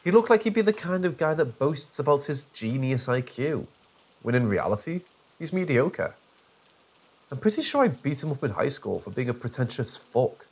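A man's voice: medium pitch, big pitch swings, normal speed, breathy edge. A man narrating a first-person horror story in a dry, sarcastic way.

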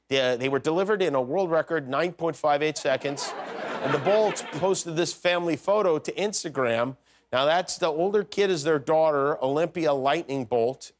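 A man's voice: on the high side, a little hiss or hum. A middle-aged man hosting a late-night show, delivering a comedy monologue with wry jokes and chuckling through the punchlines. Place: television studio with live audience.

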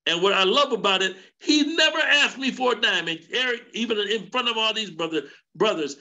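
A middle-aged man preaches to a men's gathering, his voice sitting high with a bright, ringing edge. His fervent preaching cadence keeps climbing into shouts. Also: a little fast, hardly any pauses. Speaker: elder teaching a men's session. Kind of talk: sermon.

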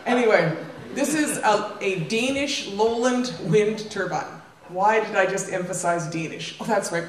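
A woman's voice: mid-range voice, recorded from a distance, a little hiss or hum. Older woman, informal public talk, chatty asides to the audience, roomy echo, faint background ambience. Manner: chatty, with frequent asides to the audience and tag questions. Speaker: invited speaker. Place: lecture room.

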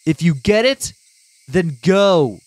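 A man doing a furious teenage boy from a visual novel, raising his voice high and loud as he barks commands. The delivery is harsh and impatient. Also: animated, takes it slowly. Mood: angry shouting. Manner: shouting commands. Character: angry teenage boy yelling at a friend.

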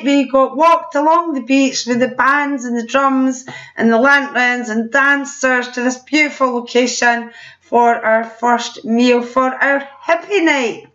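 A woman's voice: high-pitched, fairly bright tone. A middle-aged Scottish woman giving a chatty presentation over photos, with laughing, apologetic asides. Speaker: presenter at a sales meeting. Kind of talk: presentation showing holiday photos. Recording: dull lo-fi recording.

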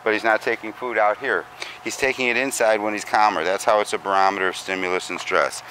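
A man working as a dog trainer, giving short commands and calm monotone praise while explaining his training outdoors. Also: on the low side, quick pace. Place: outdoors with barking dogs nearby. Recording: noisy outdoor recording. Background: dogs barking.

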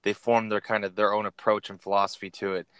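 A man telling a comedy story in a loose, rambling way, now and then jumping into high, excited voices for the people in his tale. The recording is close and very dry, with no room sound at all. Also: quick pace, clean tone, dry recording. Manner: animated, jumps into high voices for quoted characters. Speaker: podcast co-host. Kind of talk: casual storytelling chat.

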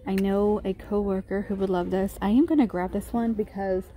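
A woman's voice: mid-range voice, fairly even intonation, a little fast, mellow. A woman casually narrating a shop-with-me video, chatty and pointing out items as she browses. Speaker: vlogger.

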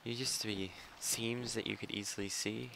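A man's voice: fairly low pitch, steady tone, moderate pace, creaky, bright, forceful tone, slight background noise. A man giving casual, rambling commentary while playing a video game, thinking aloud and poking fun at himself. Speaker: let's play commentator.

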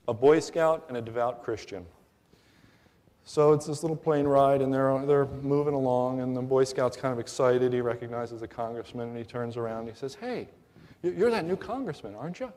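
A man telling a long joke in a meandering way, with restarts and pauses, heard with a long hall reverb. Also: mid-range voice, a little mellow.

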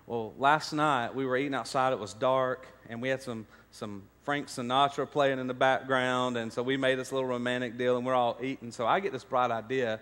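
A man's voice: medium pitch, fairly even intonation, fairly quick, few pauses, fairly bright tone, in a large hall. A man, preaching a sermon, telling stories and building to emphatic points. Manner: storytelling, rising to emphatic preaching. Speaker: pastor. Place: church sanctuary.

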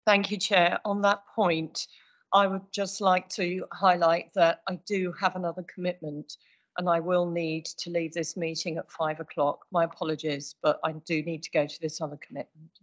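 Female councillor, measured and flat, low-set voice, lo-fi meeting audio. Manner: polite, measured, apologetic. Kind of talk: formal meeting remark. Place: council chamber. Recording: dull lo-fi meeting stream.

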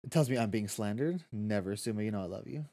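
A man's voice: lowish voice, expressive, fast, mellow. A man streaming a video game from home, chatting casually with viewers, reading and answering chat, swearing freely and laughing often.

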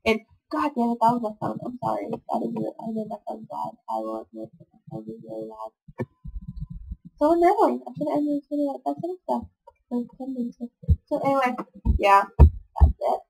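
A woman's voice: gravelly, darkish tone. A young woman who is sick and sniffling, rambling chattily over a game recorded on her computer mic. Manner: chatty, self-deprecating, meandering. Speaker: gaming vlogger. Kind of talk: rambling casual chat over gameplay. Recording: low-quality home computer audio.

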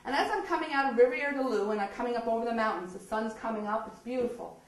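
A woman giving a lively storytelling speech, often laughing and acting out the voices of people in her story. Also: on the high side, quick pace. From eastern Canada. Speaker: speaker telling her story. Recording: echoey hall, distant mic.

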